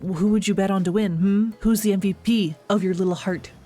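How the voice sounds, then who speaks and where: A streamer reads out a female resort worker who keeps up a stiff, formal politeness. Her words come in a measured, correct way and turn teasing when she wants an answer. Quiet music plays behind her. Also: medium pitch, steady tone, close to an everyday voice.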